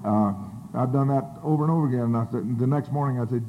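A man's voice: medium pitch, fast talker. An older man telling a rambling personal recovery story to a group, with many fillers and restarts. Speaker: speaker sharing his recovery story. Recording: tinny phone-like audio.

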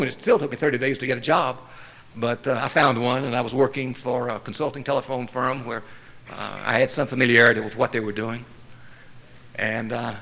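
A man's voice: mid-range voice, fairly bright tone. A man from North Carolina giving a personal recovery testimony at a meeting, telling it in a wry, self-mocking way. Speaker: speaker sharing his story at a recovery meeting.

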